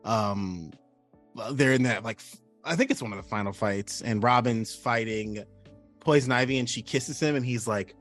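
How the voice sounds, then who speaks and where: A young man co-hosting a movie podcast, excitable and laughing, with plenty of "bro" and "dude". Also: mid-range voice, normal speed, soft background music. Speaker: podcast co-host. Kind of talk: casual film chat.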